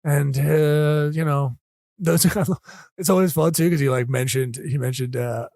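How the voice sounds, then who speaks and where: A man's voice: a little high, a little slow, gravelly, a little mellow, dry recording. A man co-hosting a podcast in casual chat, dry and sarcastic, teasing his friend. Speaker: podcast co-host.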